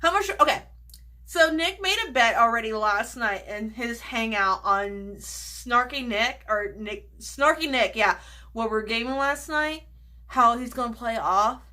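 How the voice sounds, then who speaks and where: A woman's voice: fairly high pitch, expressive, a little slow, sharp tone. A woman chatting casually in a makeup vlog, gushing over products, swearing freely and dropping into whispers. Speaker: beauty vlogger.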